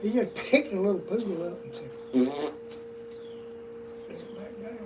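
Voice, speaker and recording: A man's voice: high-pitched, expressive, fairly quick. An older man telling rambling, profane stories from his youth in casual conversation. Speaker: storyteller guest. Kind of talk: casual storytelling. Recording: distant mic, noisy room.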